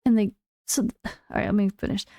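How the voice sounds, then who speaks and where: Woman gaming host, slightly hoarse, mellow tone, dry close sound, excitable patch-note commentary. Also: brisk, no room sound. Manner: excitable, bursts into high exclamations. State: voice going hoarse. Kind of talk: reading patch notes with commentary.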